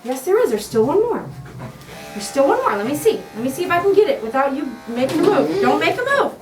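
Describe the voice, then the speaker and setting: A woman's voice: sits high, big pitch swings, fairly quick, music in the background. A woman dog groomer who coaxes and scolds a dog while she trims it, then explains her steps. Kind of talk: grooming tutorial, talking to the dog. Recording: roomy sound, mic at a distance, clipper noise. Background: electric clippers buzzing.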